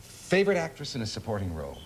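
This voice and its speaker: A man's voice: fairly low pitch, wildly swooping pitch, fast. A man hosting a talk show, teasing and joking with his guests. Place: TV studio with audience. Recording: 1980s TV broadcast, noisy with loud audience. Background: studio audience.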